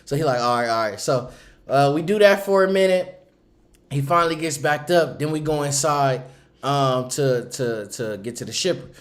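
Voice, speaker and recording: A man who runs a small trucking company, telling a story on a casual livestream, animated, laughing often and acting out the people he talks about. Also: fairly high pitch, moderate pace. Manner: animated, acts out the people in his stories.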